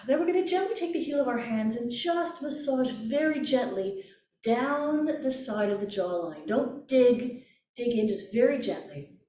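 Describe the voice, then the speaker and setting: A woman voice coach leading a workshop over a video call, giving calm, gentle cues. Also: fairly high pitch, unhurried, reverberant. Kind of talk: guided workshop instruction.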